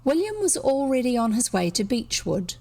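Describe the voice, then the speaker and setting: Gravelly New Zealand woman reading aloud. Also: fairly high pitch, moderate pace. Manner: steady storybook narration with asides. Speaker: reader. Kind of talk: reading a children's book aloud.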